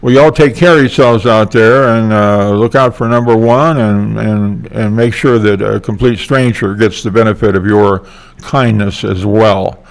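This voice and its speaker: A man's voice: fairly low pitch, steady tone, a little slow, vocal fry. An older man talking in a casual vlog monologue, meandering and hesitant with many fillers. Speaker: vlogger.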